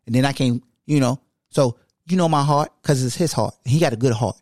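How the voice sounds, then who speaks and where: A man voicing a petty, cheeky male alter ego who needles with rapid-fire taunting questions in podcast banter. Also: medium pitch, a little mellow, dry recording, clean studio sound, natural voice. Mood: playful.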